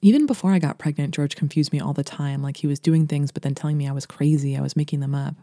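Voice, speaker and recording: Fast-reading woman with a dark, mellow voice. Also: deep voice, steady tone, dry recording, studio quality. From Brooklyn, New York. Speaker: podcast host and writer. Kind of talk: reading a literary short story aloud.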